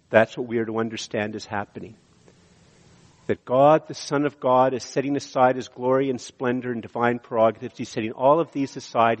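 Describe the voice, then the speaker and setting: A man preaching a sermon in earnest, slowing down to stress key words, in a church sanctuary. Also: medium pitch, darkish tone. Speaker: pastor. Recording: dull audio with long hall reverb.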